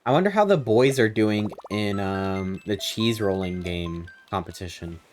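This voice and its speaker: A man's voice: on the low side, lively intonation, measured pace, darkish tone. A man streaming a game, playful and jokey as he chats with his viewers. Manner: playful and jokey, chatting with chat. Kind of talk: casual gameplay commentary. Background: game music.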